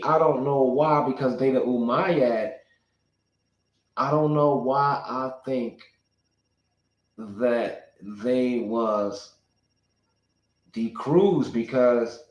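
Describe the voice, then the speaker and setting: A man holds forth on his own channel in a rambling, speculative way, thinking aloud and often restarting mid-sentence. His voice sits at an ordinary middle pitch, and the room around him rings with a noticeable echo. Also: a little mellow. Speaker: YouTuber. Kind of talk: rambling monologue.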